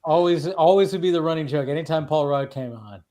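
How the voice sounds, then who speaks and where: A man's voice: a little high, fairly quick, dark tone. A man hosting a live stream, chatting casually and rambling with many restarts and acted-out quotes. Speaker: stream host. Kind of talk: casual chat.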